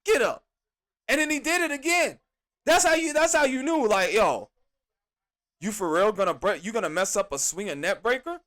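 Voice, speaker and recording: High-voiced man ranting casually. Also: moderate pace. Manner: animated, exasperated ranting with slang. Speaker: podcast host. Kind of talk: casual wrestling review.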